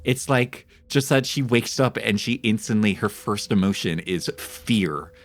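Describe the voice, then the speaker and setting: A man's voice: on the low side, a little slow. A young man chatting casually on a live game stream, rambling and reacting jumpily. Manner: animated, jumpy reactions, rambling anecdotes.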